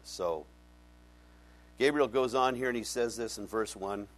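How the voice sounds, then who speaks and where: A man preaching a Bible-teaching sermon, animated and conversational, often asking his congregation questions. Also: fairly low pitch, unhurried. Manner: conversational, folksy. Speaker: pastor.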